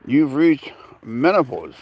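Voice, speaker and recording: A man's voice: medium pitch, very animated, takes it slowly, darkish tone. A man rambling casually on a live stream from an outdoor park, greeting viewers and talking to his cat through a handheld phone. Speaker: livestream host.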